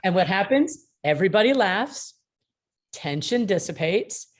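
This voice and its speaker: Expressive and a little slow, her mid-range voice carries a lively teaching talk full of anecdotes. She's a mediator and author being interviewed on a video call, speaking emphatically and with humor while acting out bits of dialogue.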